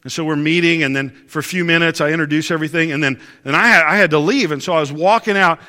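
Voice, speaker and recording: A man's voice: fairly high pitch, fast, bright, forceful tone, big-room sound. A man preaching a sermon as pastor, telling a story in a conversational way and asking the congregation rhetorical questions. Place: church service.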